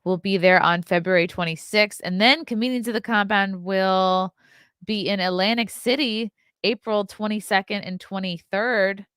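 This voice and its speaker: A woman hosts a casual morning livestream as a podcast host, chatting loosely with viewers and repeatedly yawning and laughing. Her medium-pitched voice is fairly bright, clear and resonant, at a moderate pace. The sound is clean studio audio with no room noise.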